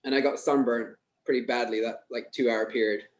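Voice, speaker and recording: A man in his thirties with a Scottish accent, a guest on a podcast, telling stories in relaxed casual chat with frequent chuckles. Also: medium pitch, brisk, low-quality recording. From Scotland.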